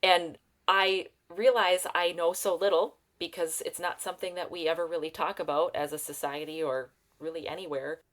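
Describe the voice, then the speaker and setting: A woman in her thirties, a guest on a parenting podcast, speaking earnestly and reflectively, slowing down to think aloud. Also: on the low side, fairly even intonation. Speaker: guest, parenting program client. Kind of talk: conversational interview.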